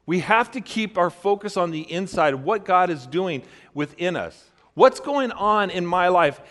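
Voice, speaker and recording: A man's voice: on the high side, a bit bright. A man preaching a sermon, earnest and emphatic, building on repeated phrases. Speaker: pastor.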